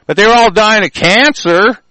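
A radio host rants with raw anger, swearing constantly and raising his voice into heated outbursts. His voice sits a bit high for a man. The sound is dry and close, with no room around it. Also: normal speed, no room sound. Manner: angry, cursing, loud and heated. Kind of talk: profane talk-radio rant.

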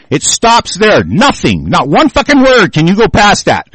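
A man's voice: high voice, wildly swooping pitch, moderate pace, few pauses, a bit bright, slightly rough, no room sound, poor audio. An angry man ranting, swearing constantly as he talks. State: furious. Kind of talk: political rant.

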